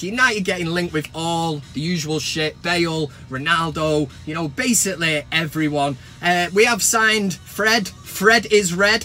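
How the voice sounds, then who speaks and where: An English man with a slightly high voice hosts a football fan vlog, ranting to camera in an animated, sarcastic way and swearing freely.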